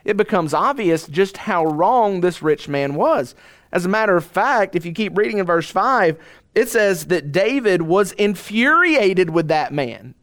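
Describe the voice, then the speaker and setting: An earnest male pastor preaching a sermon and reading scripture aloud. His voice sits high and sounds smooth and resonant. He leans into key lines with deliberate pauses.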